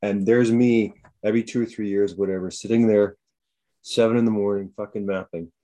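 Profane rambling man telling stories. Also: fairly quick. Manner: profane, rambling, animated storytelling with jumps into high mocking voices. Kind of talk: casual storytelling chat.

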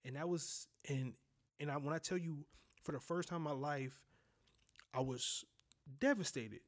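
A young man with a slightly higher voice tells his own story straight out, no polish. He swears freely and circles back on himself with restarts as he goes. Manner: raw, blunt, profane, with many restarts. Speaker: podcast host. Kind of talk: candid personal storytelling.

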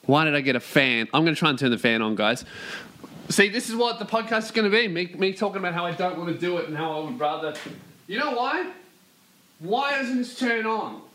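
A man's voice: a little high, bright, forceful tone. A man hosting a solo podcast, ranting and swearing, then turning it on himself. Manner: ranting, sweary, self-deprecating. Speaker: podcast host. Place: warehouse.

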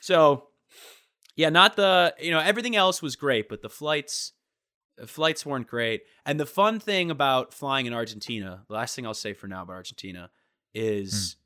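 A man's voice: medium pitch, normal speed, sharp tone, smooth. A young man in a casual chat, telling a travel story with lots of swearing and acting out the people he met.

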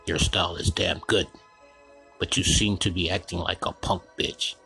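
A man voicing a crude old male sensei who muses slowly and throws out crude insults. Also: low-pitched, steady tone, vocal fry, pushed and bright, faint music behind, exaggerated voice, rough recording. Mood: mock-wise. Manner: slow, musing, drops crude insults.

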